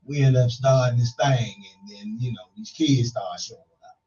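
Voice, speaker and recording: At normal speed and with a dark tone, a middle-aged host spins loose, rambling stories on his casual talk show, teasing playfully along the way. He was recorded from a distant mic, leaving the audio dull and low-fidelity.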